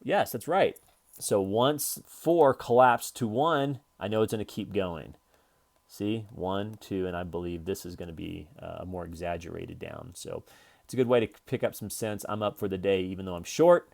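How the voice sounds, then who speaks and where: Male trading instructor, low-pitched, casual and wandering, records from his computer. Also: moderate pace, creaky. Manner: loose, jokey, rambling with fillers and restarts. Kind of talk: casual screen-share trading lesson.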